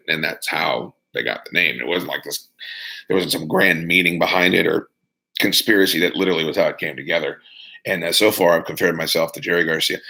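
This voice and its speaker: A man's voice: sits low, vocal fry, pushed and bright. A man talking casually and at length in a solo podcast episode, rambling with lots of fillers and frequent swearing. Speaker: podcast host and band member.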